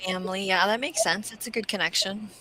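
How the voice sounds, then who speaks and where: A woman's voice: mid-range voice, fast, bright, forceful tone, low-quality recording. A woman chatting casually and agreeably on a livestream. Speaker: livestream co-host. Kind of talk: casual chat.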